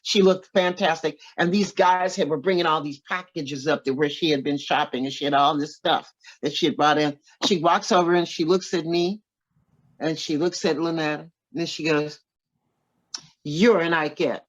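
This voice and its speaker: Speaking in a low voice at a moderate pace, this Oklahoma singer in her seventies recounts a story during an interview with lively energy, voicing the other characters herself. The recording is lo-fi.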